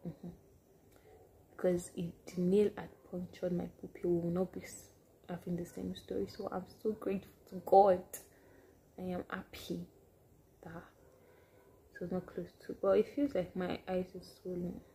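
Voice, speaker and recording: Animated woman vlogger. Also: fairly low pitch, normal speed, long pauses, slight background noise. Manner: animated, drops to hushed asides. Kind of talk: casual storytelling to camera.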